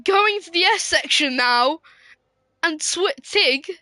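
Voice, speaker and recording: A woman giving casual, excitable live sim racing commentary, giggling and swearing as she banters. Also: extremely high pitch, slow pace, no room sound.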